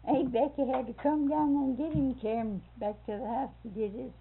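A woman's voice: high voice, fairly even intonation, a little fast, creaky, slightly rough. An older woman, telling a folksy family story in a casual way and laughing as she goes. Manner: laughs through her story, folksy dialect. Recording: tinny phone-like recording.

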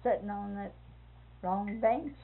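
An older woman with a medium-pitched voice speaks slowly against a noisy background in a lo-fi, phone-like recording. Being interviewed for an oral history, she tells a family story as a lively storyteller, acting out the voices and laughing often.

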